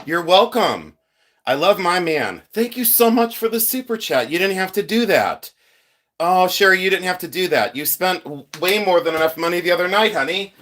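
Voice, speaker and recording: Chatty and rambling, a middle-aged livestream host who collects jewelry speaks in a high, expressive, fairly bright voice at a moderate pace. He sounds congested from his sinuses and thanks viewers frequently during the casual chat.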